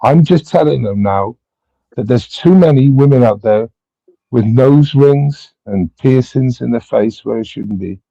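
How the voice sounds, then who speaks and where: A British man arguing hot topics on a livestream panel, stammering and repeating himself before he lands his point, swearing freely. His voice is dark and mellow. The sound is dry and a little dull, like a lo-fi stream mic. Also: medium pitch, measured pace, gravelly, no echo. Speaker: panel host. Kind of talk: heated casual debate.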